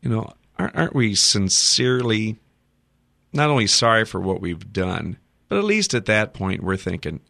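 A man's voice: lowish voice, sing-song, moderate pace, gravelly, a bit bright, dry recording, studio quality. A man speaking earnestly and reflectively as a pastor on a radio panel. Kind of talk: call-in radio talk.

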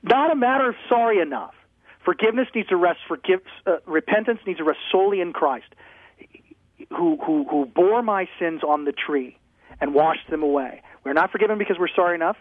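A man's voice: high voice, brisk, dry recording. A man, a guest pastor, talking with energy and humor on a call-in radio show, sometimes ranting. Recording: tinny phone line.

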